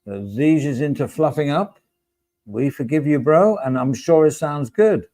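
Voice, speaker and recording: A man's voice: a little high, measured pace, warm tone, dry recording, rough recording. A middle-aged man hosting a casual livestream, reading out chat and joking with viewers by name. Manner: chatty, jokey, addresses viewers by name.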